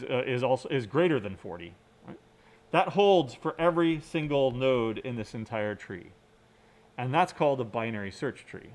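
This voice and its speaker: A man giving a recorded computer science lecture, explaining step by step and often checking in with "right?". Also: on the high side. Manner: mutters quietly to himself while working on screen. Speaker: university lecturer.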